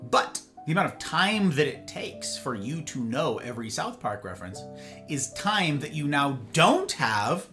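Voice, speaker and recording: Streamer host, male, bright tone, animated rambling chat, faint guitar underneath. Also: a little high. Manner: rambling, animated, acts out little dialogues. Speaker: livestream host. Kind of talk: casual chat with live viewers. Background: faint guitar music.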